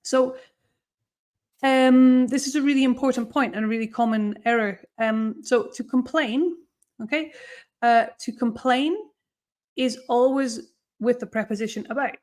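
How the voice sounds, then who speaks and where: A woman in a live online class, explaining grammar to a camera with a lively, fairly high voice. She slows right down on example sentences, drawing the words out for emphasis. She counts students down before each task. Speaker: English exam teacher.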